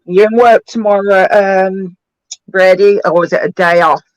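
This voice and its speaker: A man's voice: high-pitched, fairly even intonation, unhurried, dry recording, poor audio. A man chatting casually on a live stream, giving short, offhand replies.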